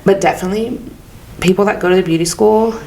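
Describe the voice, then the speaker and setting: A woman's voice: mid-range voice, steady tone, fast, gravelly, darkish tone, poor audio. A young woman co-hosting a podcast, a hairstylist, who adds short laid-back reactions in casual chat.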